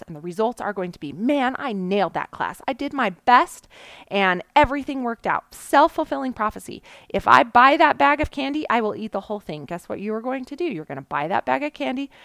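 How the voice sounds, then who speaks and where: A woman's voice: medium pitch, fairly bright tone, dry recording, studio quality. A woman coach giving an earnest, explanatory motivational lesson, often checking in with her listeners and pushing some words with bursts of emphasis. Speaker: mindset coach. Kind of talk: motivational teaching talk.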